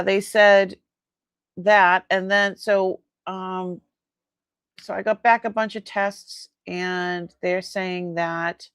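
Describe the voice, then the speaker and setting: A woman hosts her live-sale stream from home, telling stories in a loose, chatty way and laughing often as she acts out bits of conversation. Her voice sits in an ordinary middle pitch. The sound is dry, with no room echo. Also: clear, resonant tone. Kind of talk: casual live-stream chat.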